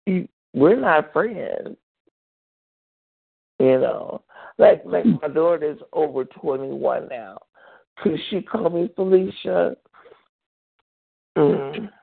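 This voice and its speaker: A woman in her forties tells a family story in a casual chat. Her voice is gravelly and husky, and her pitch swings widely while she speaks slowly. It sounds thin and phone-like. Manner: animated, acts out quoted voices with big pitch jumps.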